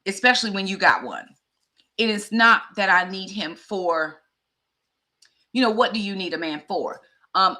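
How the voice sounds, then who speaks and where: Bright-voiced woman in her fifties. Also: sits low. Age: 50s. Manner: heartfelt, conversational, addresses viewers directly. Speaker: vlogger and teacher. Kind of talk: candid personal vlog talk.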